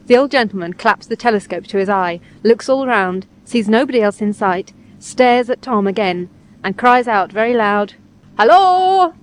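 A woman reading a classic story aloud, lively and acting out the dialogue. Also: mid-range voice, normal speed, poor audio. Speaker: reader.

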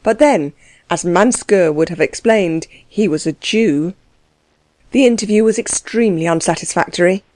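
A woman reading a novel aloud as narrator, in a measured, steady way. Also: lowish voice, no echo. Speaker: audiobook narrator. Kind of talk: scripted narration.

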